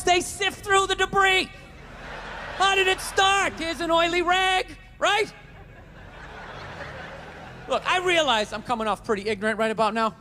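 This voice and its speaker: A man doing stand-up comedy on a theater stage, ranting with lots of swearing and acting out both sides of arguments. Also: very high voice. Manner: ranting, profane, acts out quoted arguments. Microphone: stage microphone. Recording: echoey hall, faint hiss.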